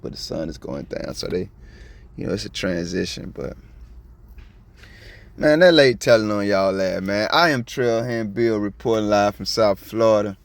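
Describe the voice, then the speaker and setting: A man from Georgia with a Southern accent, giving slangy, preachy video commentary that swings from soft to loud. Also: low voice, vocal fry. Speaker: copwatch commentator.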